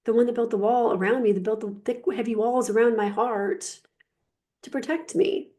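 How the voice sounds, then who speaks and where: A woman coach talking casually about softness and emotions, lively and emphatic, full of filler words and rhetorical questions. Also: a little high, normal speed. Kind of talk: casual spiritual coaching talk.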